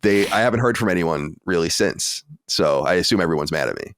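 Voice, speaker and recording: A man in his late thirties, a podcast co-host, telling an animated story with exasperated asides in casual chat. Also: sits low, a little fast, clean tone, no echo, studio quality. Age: 30s.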